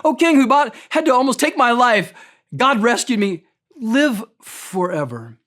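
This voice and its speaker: Casting note: a humble, respectful prophet addressing his king in a soft, reverent voice, with a lively, rising-and-falling delivery, as a preacher acts him out in a sermon. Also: extremely high pitch, moderate pace, exaggerated voice. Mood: earnest.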